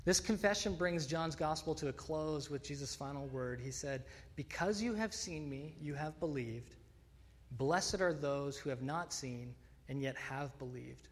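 A man's voice: a little high, a little slow. A man preaching a sermon, earnest and emphatic, often restarting phrases with fillers. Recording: long hall reverb.

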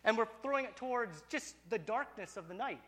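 A man telling a personal story with lively energy. His pitch swings widely and his voice stays bright and fairly high, with frequent restarts as he talks. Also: a little fast. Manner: animated, excitable, frequent restarts.

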